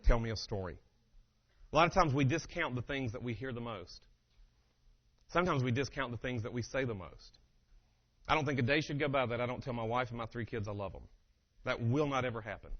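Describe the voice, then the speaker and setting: A man giving a humorous motivational keynote, telling family stories in an animated way and acting out the dialogue. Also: mid-range voice, brisk. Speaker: keynote speaker. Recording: dull lo-fi live recording.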